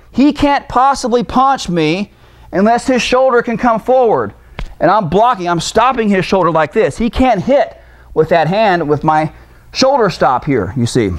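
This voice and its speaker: High-voiced man teaching self-defense. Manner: casual, demonstrating moves while directing a partner. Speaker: martial arts instructor. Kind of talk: demonstrating self-defense techniques.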